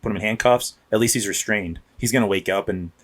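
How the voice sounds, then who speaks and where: A man's voice: on the low side, quick pace. A man in his thirties, a police officer, telling rambling stories in casual podcast chat. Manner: rambling, restarts, acts out quotes. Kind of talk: casual storytelling.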